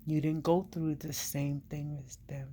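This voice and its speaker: A woman's voice: low-pitched, little pitch movement, unhurried, mellow, slight background noise. A woman and veteran speaking straight to the viewer, giving direct, emphatic advice in an earnest monologue. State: getting emotional.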